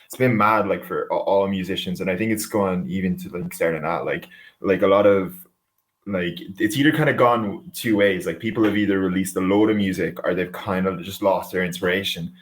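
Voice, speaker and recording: A man's voice: sits low, a little fast. A man from West Cork with a Cork Irish accent, chatting casually as a musician guest on a podcast and filling his talk with "like". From West Cork, Ireland. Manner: chatty, laughs often, says "like" a lot.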